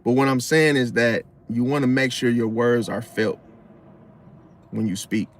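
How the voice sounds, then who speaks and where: A man giving casual advice in a slangy, animated way, often acting out loud high-pitched interruptions. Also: a little slow, a little hiss or hum. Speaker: astrology commentator.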